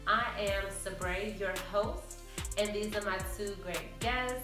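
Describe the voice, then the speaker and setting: A woman's voice: medium pitch, takes it slowly, roomy sound, over music. A woman hosting a casual panel talk show, upbeat, chatty and opinionated. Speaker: podcast host.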